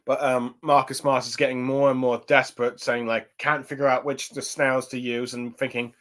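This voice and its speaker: A man's voice: mid-range voice, flat delivery, normal speed, a bit bright. Rambling young man reviewing comics. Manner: rambling, many fillers and restarts. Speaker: anime and manga reviewer. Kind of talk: casual spoken review.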